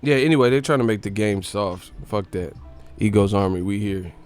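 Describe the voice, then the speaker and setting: A young man hosting a casual boxing live stream, talking loosely and profanely, now and then doing quick impressions. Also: fairly low pitch, smooth, soft background music. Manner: profane, animated, slips into impressions.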